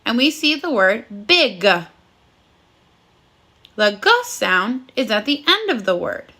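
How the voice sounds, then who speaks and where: In a video lesson, a woman teaches phonics to first graders in a high, bright, clear voice. She is very animated, speaking slowly and cheerfully and praising the kids in a sing-song way.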